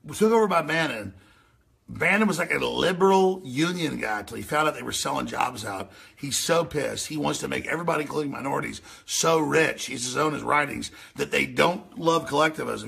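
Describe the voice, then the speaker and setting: A man hosting a radio show, ranting and mocking as he reacts to news clips, with a gravelly voice. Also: sharp tone. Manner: ranting, mocking, mimics voices in shrill falsetto. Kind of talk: animated commentary over news clips.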